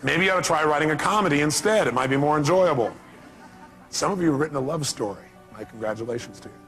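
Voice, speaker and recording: A motivational speaker addresses a live seminar crowd in a high voice. He talks emphatically and keeps firing rhetorical questions at the audience, with faint music behind him. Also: expressive, quick pace, a bit bright.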